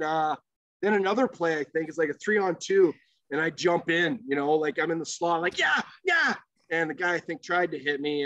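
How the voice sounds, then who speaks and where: A former pro hockey player guests on a podcast, his slightly high male voice animated and profane as he laughs through swearing-filled stories in casual storytelling mode. The recording is dry with no room sound, and the highs are cut off.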